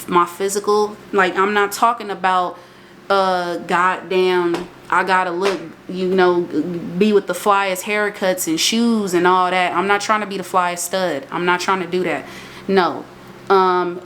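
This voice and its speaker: A young woman, talking casually and emphatically in a motivational vlog monologue. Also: a little hiss or hum. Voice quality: emphatic and animated, swings into high exclamations. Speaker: vlogger.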